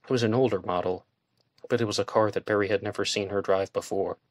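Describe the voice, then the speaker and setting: Low-voiced male audiobook narrator. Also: fast talker, no room sound, studio quality. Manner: steady, plain storytelling. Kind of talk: scripted narration.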